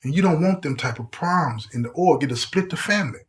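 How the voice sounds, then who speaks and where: Animated storytelling man with speech. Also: on the high side, brisk. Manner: animated, acts out quotes with shifting voice. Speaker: storyteller host. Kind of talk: casual prison storytelling.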